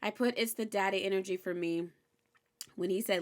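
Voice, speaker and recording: A young woman hosting a recap show, chatting casually and candidly, animated and swearing freely. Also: medium pitch, moderate pace. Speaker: host recapping a TV episode. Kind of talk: casual chat.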